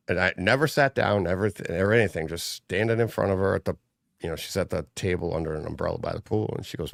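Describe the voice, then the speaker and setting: A man's voice: deep voice, fast talker, creaky, no echo, studio quality. A middle-aged man, a podcast guest, telling rambling family stories in casual chat and laughing as he goes. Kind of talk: casual storytelling.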